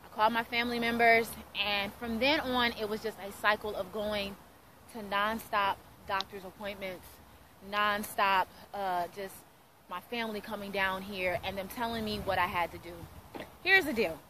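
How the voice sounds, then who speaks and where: Woman in her 30s, radio host, bright clear voice, earnest testimony, faint hiss behind. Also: mid-range voice, steady tone, moderate pace, poor audio. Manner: earnest storytelling, acting out quoted dialogue. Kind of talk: personal testimony.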